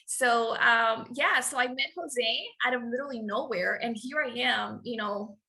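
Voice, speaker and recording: Bright, animated woman telling her story. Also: a little high, normal speed, creaky. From Nicaragua. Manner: animated, laughs often, acts out dialogue. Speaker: guest entrepreneur. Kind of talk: personal storytelling in an interview.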